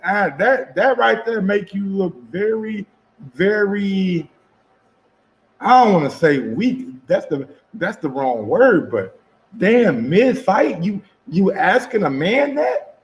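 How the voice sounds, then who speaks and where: Man, very high voice, laid-back reaction commentary, profane, repeats lines, echoey room. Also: very animated, slow. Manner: loose, profane, repeats himself, asks viewers questions. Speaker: sports commentator reacting to footage.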